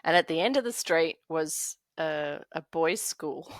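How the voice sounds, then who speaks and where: A middle-aged woman telling a story with a lively, swooping pitch that climbs into laughter. She acts out the people in it as she talks. The sound is dry and close, with no room around her. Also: a little slow, no room sound. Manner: laughs often while telling a story, acts out quoted voices. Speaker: podcast guest. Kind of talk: animated storytelling.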